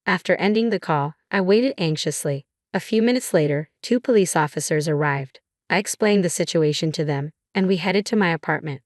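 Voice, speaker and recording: Woman narrator, low pitch, dry close recording, measured scripted storytelling. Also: expressive, dry recording.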